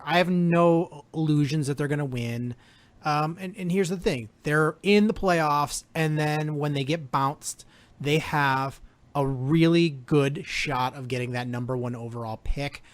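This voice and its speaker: A man co-hosting a casual sports podcast, laid-back and joking, often pausing with fillers. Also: fairly high pitch, dry recording. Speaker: podcast co-host. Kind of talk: casual sports talk chat.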